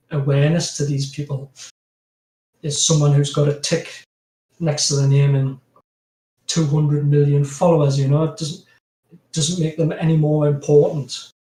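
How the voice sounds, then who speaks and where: A man's voice: a little high, level tone, a little slow, pauses often, mellow. A man with a strong Geordie accent chatting as a podcast guest, rambling with lots of fillers and frequent laughs. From North East England. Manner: rambling, laughs often, many "you know" fillers. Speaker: podcast guest, graphic designer. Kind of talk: casual chat. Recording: roomy, distant from mic.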